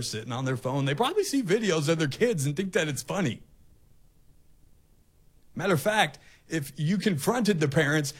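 A man's voice: fairly high pitch, husky. A male talk show host delivering an impassioned, ranting opinion monologue, often repeating himself.

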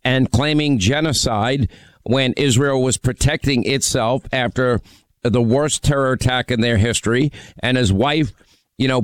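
A man's voice: mid-range voice, dry recording. A man hosting a call-in radio show, needling and mocking a caller in a brash, combative way. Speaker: radio talk show host. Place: radio studio.

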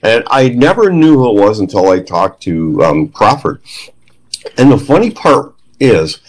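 A middle-aged man with a lowish voice tells a story as an interview guest. He talks in bursts and acts out the lines of the people he quotes, so his pitch jumps around. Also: big pitch swings, unhurried, rough recording. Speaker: guest, former police trainer.

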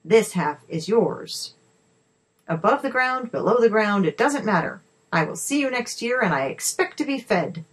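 A woman voicing a grumpy little male boggart who huffs and shouts in frustration. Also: on the low side, very animated, normal speed, breathy edge, heavily acted, rough recording. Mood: frustrated. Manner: huffy, stamping, shouting outbursts.

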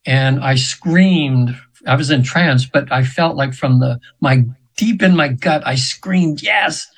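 A man's voice: mid-range voice, measured pace, poor audio. A man in his seventies, a radio show guest, telling a spiritual story in an earnest, meandering way with frequent restarts. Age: 70s.

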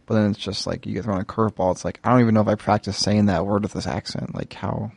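A very low, gravelly voice with a husky edge, recorded close and dry. This guest talks in a low-key, thoughtful way during a casual podcast chat. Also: steady tone, quick pace, darkish tone, no room sound.

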